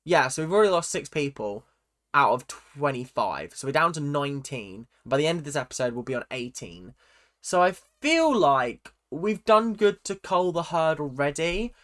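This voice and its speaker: Here the recap YouTuber's voice lands mid-range and slightly bright. He keeps up his casual ranting about a reality show, chatty, opinionated, and liberally profane.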